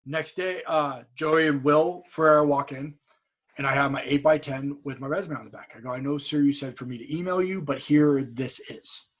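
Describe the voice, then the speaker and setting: A man's voice: fairly high pitch, normal speed. A man from California telling a story in a casual podcast chat, acting out what other people said. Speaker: podcast guest.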